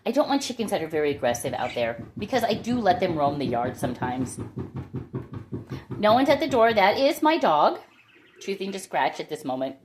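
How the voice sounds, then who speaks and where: A middle-aged woman with a fairly low, very animated voice chats casually and enthusiastically at normal speed while showing off the orchids she grows at home. The background is noisy.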